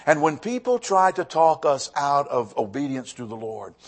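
A male pastor preaching a sermon, emphatic, often repeating his words and swinging between raised and hushed phrases. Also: a little high, sing-song, normal speed.

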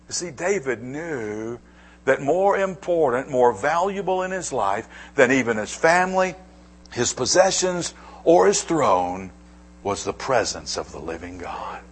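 A male pastor preaching a sermon, dropping to hushed asides and rising to emphatic declarations. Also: medium pitch, sing-song, a little slow, a little hiss or hum.

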